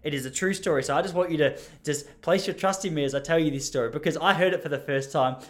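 An Australian man in his thirties telling rambling, animated anecdotes in casual chat. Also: fairly high pitch, fast talker. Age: 30s. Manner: rambling, animated, laughs while telling stories.

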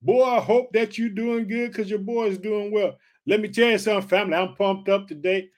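Man, high-pitched, podcast preacher, excited repeated call-outs. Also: brisk. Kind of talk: energetic motivational sermon.

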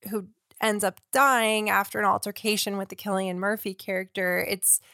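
A woman's voice: mid-range voice, flat delivery, moderate pace, sharp tone, dry recording, studio quality. A woman co-hosting a podcast, talking about films in a thoughtful way, often searching for words. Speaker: podcast co-host. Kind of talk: casual film discussion.

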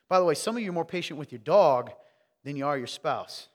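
A man from the South, preaching a sermon and quizzing his congregation, swinging between loud emphasis and hushed asides. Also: a little high, a little fast, long reverb tail, a little hiss or hum. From American South. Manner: energetic, questioning the crowd, wide swings from loud to hushed. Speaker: pastor. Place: church sanctuary.

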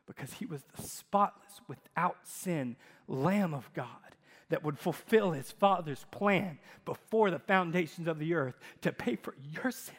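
A man preaching a sermon as pastor, telling stories with dramatic swings in loudness. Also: high voice, moderate pace. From United States. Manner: animated storytelling, dramatic shifts in loudness. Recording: long hall reverb.

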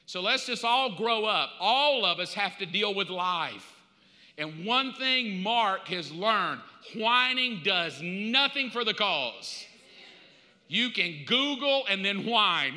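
Bright-voiced preacher in a big hall. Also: male voice, high-pitched, a little slow. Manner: conversational, animated storytelling preacher. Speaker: pastor. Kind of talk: sermon. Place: church sanctuary. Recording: reverberant church hall.

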